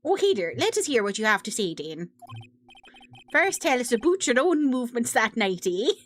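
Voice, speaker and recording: A woman voicing an older male judge in a put-on Canadian accent, gruff and fussy. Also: fairly high pitch, big pitch swings, normal speed.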